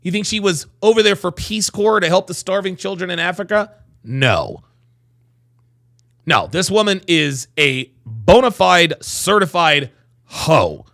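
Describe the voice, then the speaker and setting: A man hosting a livestream, reacting to a clip with loud, profane commentary. His voice swoops up and down and has a gravelly, bright edge. He stutters on phrases and drags out words to hammer his points home. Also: high-pitched. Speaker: host reacting to a video clip.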